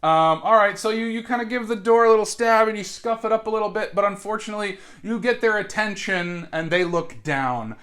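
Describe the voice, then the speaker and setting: A man's voice: sits high, a little fast, few pauses, a bit bright. A man acting as game master in a comedic solo tabletop role-play, hesitant and full of fillers and restarts.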